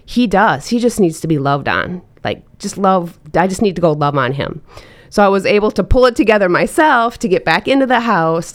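Low-voiced earnest woman telling her story. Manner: earnest, reflective, candid. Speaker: single mother sharing her story. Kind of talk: personal storytelling.

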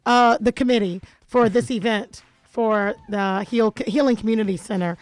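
A woman hosts a radio talk show with a playful, joking manner and laughs often. Her voice sits a little high and sounds dry and close in the studio. Faint music plays underneath. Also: normal speed, dry recording, rough recording. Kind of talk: casual radio chat.

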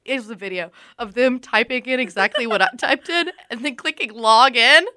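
Bright-voiced young woman co-hosting. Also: on the high side, normal speed. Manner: chatty storytelling, laughing often. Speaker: podcast co-host. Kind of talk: casual chat.

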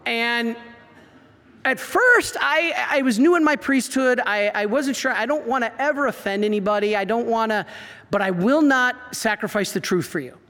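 A man, a priest giving an animated talk full of stories and acted-out quotes. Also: very high-pitched, moderate pace. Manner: animated storyteller, acts out quotes. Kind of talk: preaching talk. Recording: reverberant hall.

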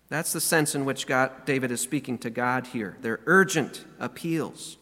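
A man's voice: fairly high pitch, unhurried, hardly any pauses, pushed and bright, long reverb tail. A man preaching a sermon as pastor, earnest and emphatic, reading scripture aloud and stressing key words. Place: church sanctuary.

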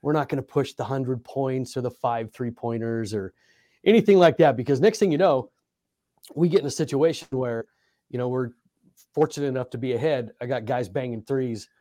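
A man's voice: mid-range voice, normal speed, warm tone, dry recording, clean studio sound. A middle-aged man, a basketball coach, co-hosting a casual sports podcast with a laid-back, laughing manner.

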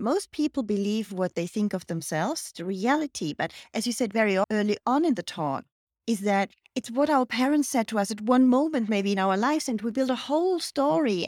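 A woman's voice: a little high, darkish tone, no room sound, studio quality. A woman host, summing up the guest's points in long, thoughtful turns. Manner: reflective, long summarizing turns. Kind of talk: interview conversation.

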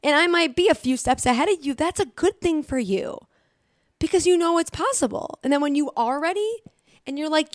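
A woman's voice: high voice, animated, a little fast, no echo, studio quality. A young woman giving a blunt, motivational talk straight to her viewers, swearing often and repeating phrases for emphasis. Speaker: recovery vlogger. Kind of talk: direct-to-camera motivational talk.

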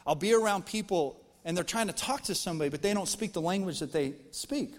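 An American man preaching with a fairly high voice, chatty and joking as he addresses the congregation. His voice rings out in a church hall with a long, lingering reverb. The delivery is animated and casual rather than formal. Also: fairly quick. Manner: animated, conversational preaching with jokes. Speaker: pastor. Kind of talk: sermon. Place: church auditorium.

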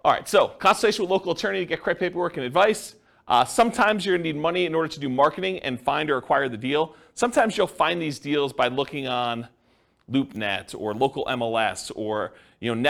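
Male instructor, gravelly voice, mid pitch, casual lecture style with "you know" fillers, checks understanding often. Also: a bit bright. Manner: conversational, checks in with listeners, many fillers. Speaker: real estate investing instructor. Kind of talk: classroom lecture on real estate.

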